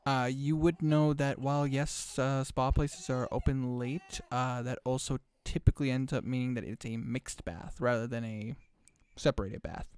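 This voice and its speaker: Dude running a tabletop game online, rambly, lots of uh's, jokey. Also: male voice, medium pitch, fairly even intonation, normal speed, a little mellow, clean tone. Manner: rambling, filler-heavy, joking. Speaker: game master. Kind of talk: casual tabletop game narration.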